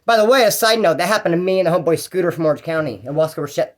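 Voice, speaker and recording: Guy with a slightly higher voice rambling through a jail story, lots of slang and side notes. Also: lively intonation, rapid-fire. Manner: rambling and slangy, with fillers and restarts. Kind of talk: casual first-person jail story.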